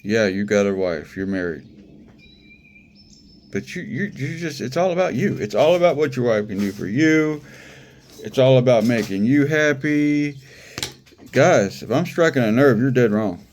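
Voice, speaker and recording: A man's voice: mid-range voice, animated, normal speed, a little mellow, slight background noise. A man giving a casual, conversational sermon, repeating phrases for emphasis and laughing now and then. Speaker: preacher.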